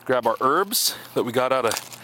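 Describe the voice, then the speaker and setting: A man's voice: mid-range voice, animated, normal speed, sharp tone, a little hiss or hum. Joking man vlogging outdoors. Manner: joking, self-mocking, talks to camera. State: out of breath at times. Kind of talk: casual outdoor vlog talk. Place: outdoors in the woods, rainy.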